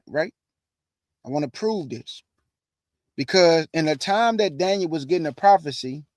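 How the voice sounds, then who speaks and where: High-voiced preaching man, dry sound. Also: darkish tone, dry recording. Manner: preachy, calls audience family, answers imagined questions. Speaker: online preacher, show host. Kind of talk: street-style sermon on prophecy.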